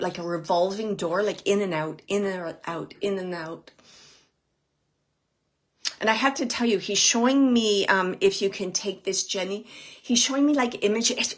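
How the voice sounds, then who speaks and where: A psychic medium with a medium-pitched, slightly bright voice gives a live reading to an audience member. She speaks haltingly, as if searching, repeating phrases while passing along messages.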